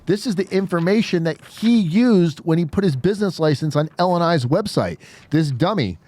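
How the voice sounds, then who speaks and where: A man's voice: a little high, animated, normal speed, darkish tone. A man hosting an interview, talking in a blunt, heated way and swearing often. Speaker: podcast host. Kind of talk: casual interview talk.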